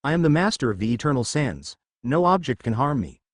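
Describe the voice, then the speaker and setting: A man's voice: mid-range voice, big pitch swings, brisk, no room sound, studio quality. A man voicing an arrogant, boastful male sand demon who taunts his foe in a fan-made anime story. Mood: gloating.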